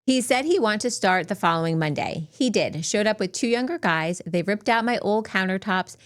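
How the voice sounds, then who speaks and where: A woman's voice: mid-range voice, normal speed. Woman co-host reading a listener story. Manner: steady storytelling, dry asides. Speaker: podcast co-host. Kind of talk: reading a listener story aloud in casual chat.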